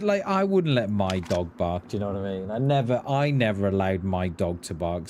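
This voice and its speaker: Streamer guy ranting, swears a lot, lively up and down delivery, faint hiss behind. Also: mid-range voice. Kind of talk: casual chat while gaming.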